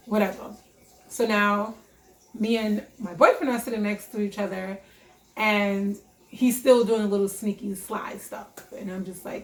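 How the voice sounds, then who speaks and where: A young woman vlogger telling a story in a casual storytime vlog, animated, profane and emphatic. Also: medium pitch, normal speed, reverberant.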